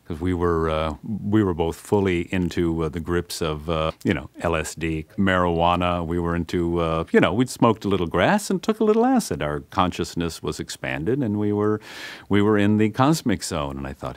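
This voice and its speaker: A middle-aged man telling his story as spoken word, animated, acting out dialogue with big jumps in pitch and saying "man" often. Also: moderate pace, no room sound.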